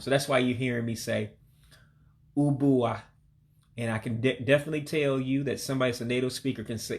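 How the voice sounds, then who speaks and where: Gravelly man teaching words patiently. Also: mid-range voice. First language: English. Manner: patient, repeats words slowly with small restarts. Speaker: language learner teaching vocabulary. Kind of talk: casual online language lesson.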